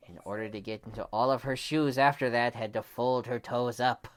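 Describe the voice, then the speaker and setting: A man telling his children a bedtime story, dropping to a hush and jumping up into shrieks. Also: medium pitch, steady tone. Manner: slow, hushed, then shrieking kid voices. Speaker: storyteller dad.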